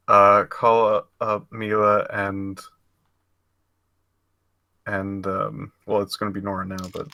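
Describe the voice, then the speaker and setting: A man's voice: on the low side, bright, forceful tone, no room sound. A man in a tabletop role-play session, speaking earnestly and with concern, partly in character. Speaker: player voicing Patrick.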